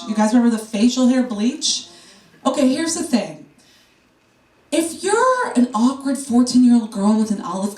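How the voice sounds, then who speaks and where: A woman doing a brash, profane stand-up set, teasing the crowd. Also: high voice. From New York. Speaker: stand-up comedian. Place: comedy club stage. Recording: roomy club sound from a distance. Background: audience laughter.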